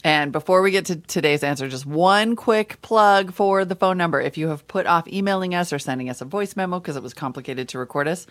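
A woman's voice: on the low side, brisk, hardly any pauses. A woman co-hosting a show, upbeat and enthusiastic. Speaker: co-host. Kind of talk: casual chat.

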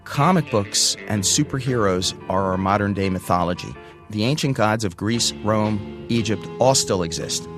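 A man with a low, steady voice tells his own story in a lively way. He switches into the voices of the people he quotes. Guitar music plays clearly under his speech. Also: normal speed. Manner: animated, acts out quoted voices. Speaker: storyteller recounting his career. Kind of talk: spoken personal storytelling.

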